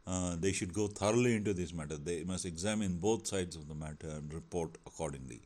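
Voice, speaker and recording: A man teaching a short story, reading lines aloud and then explaining them in his own words, with frequent pauses and restarts. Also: low-pitched, darkish tone. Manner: reads quotes aloud, then paraphrases with many fillers and restarts.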